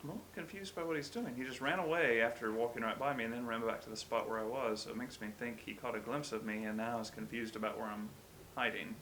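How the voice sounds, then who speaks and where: A man's voice: medium pitch, steady tone, quick pace, a bit bright, slight background noise. A man giving gameplay commentary as a let's-play host, musing wryly and yelping when startled. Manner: wry, self-deprecating musing with sudden startled yelps.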